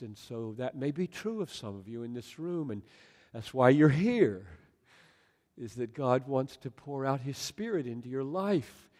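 A man preaching a sermon in a large hall, swinging from loud exclamations to soft near-whispers. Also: medium pitch. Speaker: pastor. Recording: long hall reverb.

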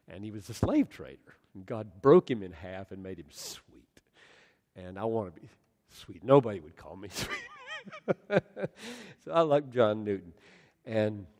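A man in his sixties preaching a sermon, passionate and earnest, swinging from loud outbursts to soft, quiet words. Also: lowish voice, big-room sound. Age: 60s. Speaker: pastor.

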